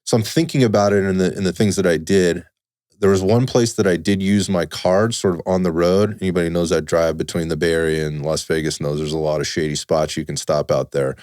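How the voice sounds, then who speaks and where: A man telling a personal story in casual conversation, animated and swearing casually. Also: low-pitched, fairly quick, no room sound, studio quality. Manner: animated, acts out quoted dialogue, swears casually.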